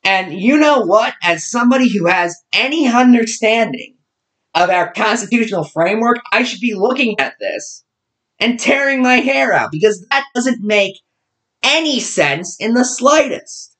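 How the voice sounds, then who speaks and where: A young adult political commentator delivering a sarcastic, ranting monologue with abrupt jumps in pitch. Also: animated, moderate pace, a bit bright, poor audio.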